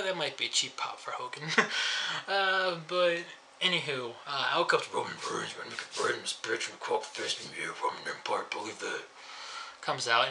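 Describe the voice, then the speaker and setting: A man's voice: medium pitch, pushed and bright, a little hiss or hum. A man giving a rambling, sarcastic casual review, chuckling at his own jokes. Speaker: wrestling show reviewer.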